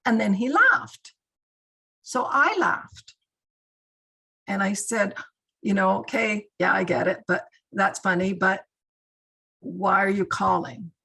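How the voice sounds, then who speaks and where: Her mid-range voice is slow, with vocal fry, frequent pauses, and slight roughness, and the audio is poor. This middle-aged woman, guest speaking on crisis intervention over a video call, gives a warm, storytelling training talk packed with fillers.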